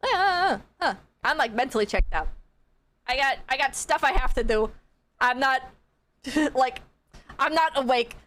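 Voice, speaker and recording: A young woman streamer telling a story in a casual, animated way, swearing freely and laughing as she goes. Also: high voice, a little slow, pauses often.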